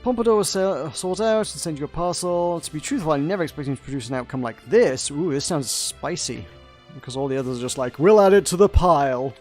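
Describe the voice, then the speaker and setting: A man's voice: fairly high pitch, fast, darkish tone, soft background music. A man playing a video game with a friend, chatting casually and reading the on-screen game text aloud. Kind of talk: casual let's-play chat.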